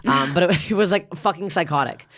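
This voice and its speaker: A woman comedian in her thirties, a podcast guest, telling a story in casual chat with heavy swearing and animated delivery. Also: on the low side, fairly quick.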